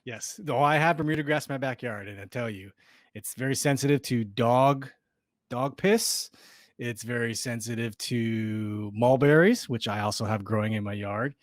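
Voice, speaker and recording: A man's voice: medium pitch, moderate pace, dry recording, clean studio sound. A man co-hosting a sports podcast, chatting casually and rambling with restarts. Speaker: podcast co-host.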